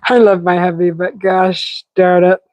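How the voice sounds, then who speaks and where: A woman's voice: on the low side, fairly even intonation, a little slow, darkish tone, dry recording, poor audio. Chatty giggly woman, dry close sound. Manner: chatty, giggly, restarts often. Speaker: livestream host. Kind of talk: casual live chat with viewers. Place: outdoors in a desert yard.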